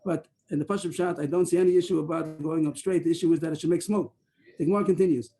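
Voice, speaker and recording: Fast-talking man teaching Talmud. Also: fairly high pitch, steady tone, warm tone. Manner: quick explanatory teaching, mixing Hebrew and Aramaic terms. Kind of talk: Talmud study class over video call. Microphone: video call.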